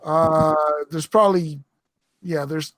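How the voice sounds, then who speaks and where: A man running a tabletop role-playing session as game master, talking in halting, self-correcting phrases. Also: on the high side, steady tone, a bit bright, no room sound. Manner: halting, thinks aloud, lots of restarts.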